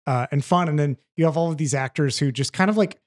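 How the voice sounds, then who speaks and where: Man, podcast co-host, casual film chat, rambling, animated, cursing, fairly high voice. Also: fast. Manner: animated and rambling, swears freely. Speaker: podcast co-host reviewing films.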